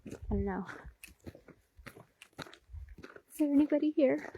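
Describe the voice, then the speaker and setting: Breathless high-voiced woman on a hike. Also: slow pace, lo-fi sound, slight background noise. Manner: breathless, chatty, baby talk to her dogs. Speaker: dog owner vlogger. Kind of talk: casual live-stream chat. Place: mountain trail outdoors. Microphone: phone held selfie style.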